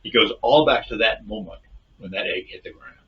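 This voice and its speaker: A man in casual comedic podcast chat, spinning rambling deadpan tall tales. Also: on the low side, brisk, dull audio.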